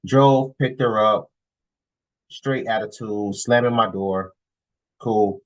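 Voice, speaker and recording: A man vlogging a casual, animated story, acting out dialogue and tossing in "whatever" often. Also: on the low side, normal speed, rough recording. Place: lives in Florida.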